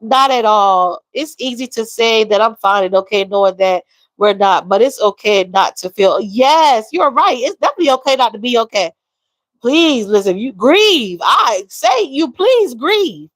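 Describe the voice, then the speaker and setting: A woman chats on a livestream, her voice a little high. She talks openly and emotionally, reading out viewer comments as she goes. The sound is close and dry, as from a phone or webcam. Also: lively intonation, normal speed, no room sound, rough recording. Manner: emotional, reads viewer comments aloud, drawls. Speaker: livestream host. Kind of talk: casual live-stream chat.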